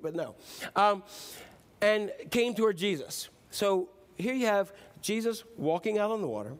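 A man's voice: sits high, very animated, normal speed. A man preaching a sermon in a casual, playful way, acting out the story. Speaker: pastor.

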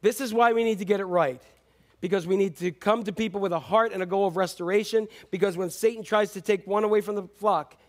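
A man preaching a sermon as a pastor, animated, swinging between loud and hushed delivery. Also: sits high, fast talker.

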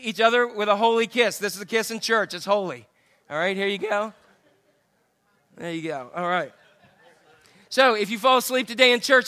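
A man's voice: high voice, bright, forceful tone. A man preaching a sermon as pastor in a church, joking and chatting with the congregation as he goes. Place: church sanctuary.

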